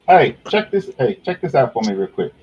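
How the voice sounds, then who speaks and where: Man player, teasing, lively pitch, dull lo-fi sound. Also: a little fast, over music. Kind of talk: tabletop game chat.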